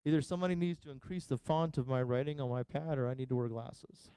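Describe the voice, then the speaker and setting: A pastor preaching a sermon, telling a funny family story and acting out the voices of everyone involved. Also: male voice, medium pitch, fast talker, dark tone, smooth, dry recording, clean studio sound. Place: church sanctuary.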